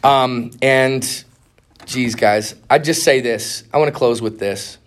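A man's voice: medium pitch, slow. A young man giving a conference master class, telling stories in a casual, earnest way with slang and restarts. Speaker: conference speaker. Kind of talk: conference teaching talk.

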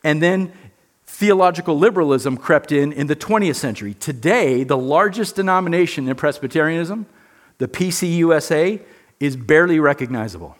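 A man's voice: on the high side, expressive, fairly quick. A man teaching a church history lesson in an earnest, emphatic way, often repeating words.

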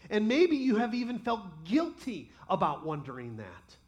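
A man preaching a sermon as pastor, passionately voicing honest prayers to God and then dropping to quiet, personal reflection. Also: high-pitched, huge pitch swings, normal speed, hardly any pauses. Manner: impassioned, voices imagined prayers aloud.

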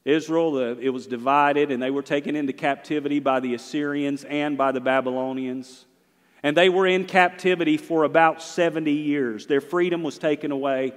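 A middle-aged man, a pastor preaching a sermon, swinging between loud and hushed delivery. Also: fairly high pitch, normal speed, big-room sound.

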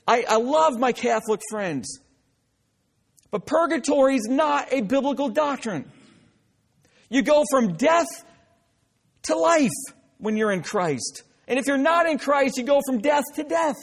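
High-voiced emphatic male pastor. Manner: emphatic, repeats "listen" for emphasis, joking asides. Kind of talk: sermon.

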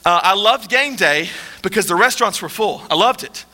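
A man's voice: high voice, lively intonation, moderate pace, bright, forceful tone. A man, preaching a sermon in a casual, joking way and asking the audience rhetorical questions. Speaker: pastor. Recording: long hall reverb.

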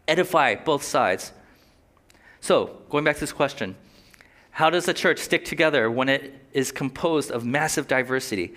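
A man preaching a sermon in a relaxed, conversational way, with quick asides and short laughs. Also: medium pitch. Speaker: pastor.

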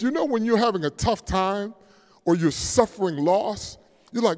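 A male pastor delivers a sermon in a slightly high voice that carries a long reverb through the church. He builds to forceful declarations, then drops to a hushed tone when he tells a story. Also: lively intonation, normal speed.

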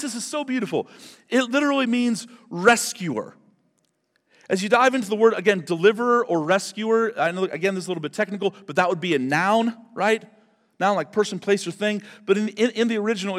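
Here a male pastor with a high, fairly bright voice works through scripture verse by verse in an expository sermon. He talks conversationally but with emphasis, often repeating words for stress, and the recording sounds like a big room.

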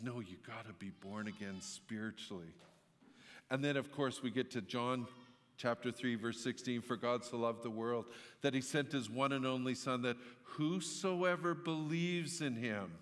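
A man's voice: a little high, fairly bright tone. Conversational male preacher in echoey hall. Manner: storytelling, conversational preaching with emphatic outbursts. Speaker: pastor. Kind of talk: sermon.

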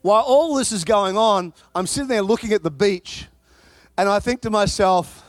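A man with a notably high voice preaches with lively, story-driven energy. He rises into loud shouting at times. The sound is dry and close. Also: moderate pace, dry recording. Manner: animated storytelling, bursts into shouting. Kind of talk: sermon.

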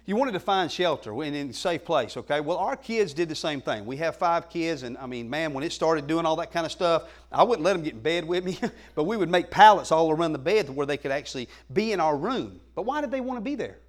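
A middle-aged man preaching a sermon, moving between loud declarations and soft whispers. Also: on the high side, expressive, brisk, hardly any pauses. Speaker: pastor.

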